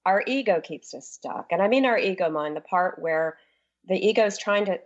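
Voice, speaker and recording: A woman's voice: lowish voice, lively intonation, moderate pace, highs cut off. A woman coach talking enthusiastically in a casual radio interview, speeding up and then stretching words out. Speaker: guest, transformation coach.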